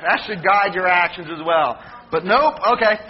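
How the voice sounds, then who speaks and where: High voiced guy doing a jokey sermon, lots of mock yelling, kinda muffled recording. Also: normal speed, crowd noise. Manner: jokey, animated storytelling, mock shouting. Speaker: preacher. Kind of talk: humorous sermon.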